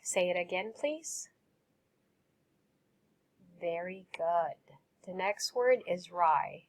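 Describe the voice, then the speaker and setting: Slow, careful woman teacher. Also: fairly low pitch. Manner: slow, careful enunciation with repeat-after-me drills; gentle praise and simple explanations. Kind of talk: online vocabulary lesson.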